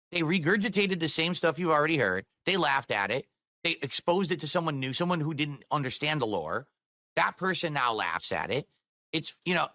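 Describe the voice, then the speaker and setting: A man rants to his live-stream audience in a bright, somewhat high-pitched voice. He swears freely and keeps throwing rhetorical questions at the chat. The sound is close and dry. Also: dry recording. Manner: heated, profane, rhetorical questions.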